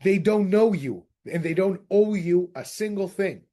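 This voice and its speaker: A man coaching real estate agents in a direct, energetic lecture. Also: high-pitched, a little slow. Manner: direct, energetic, addresses group as guys.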